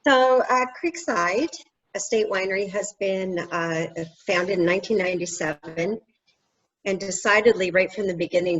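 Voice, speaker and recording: Female winery rep: low voice, friendly measured delivery, muffled video-call audio. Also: a bit bright. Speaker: winery representative. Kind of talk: presenting wines on a video call.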